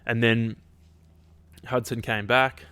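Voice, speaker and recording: A man's voice: mid-range voice, flat delivery, slow pace, sharp tone, clean tone, dry recording. A man hosting a casual solo podcast, rambling, restarting sentences and swearing offhandedly, his throat a little dry. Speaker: podcast host.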